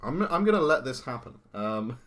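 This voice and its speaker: A man playing a tabletop game, bantering and joking with quick remarks. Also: mid-range voice, big pitch swings. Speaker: player. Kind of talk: casual tabletop game chat.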